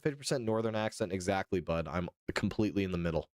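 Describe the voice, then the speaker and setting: A man's voice: deep voice, expressive, fast, a little mellow, dry recording, clean studio sound. A young man from Arizona hosting a casual political livestream, chatting with viewers and reading articles aloud with loose, profane asides. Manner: loose, profane, chatty, answers chat by name.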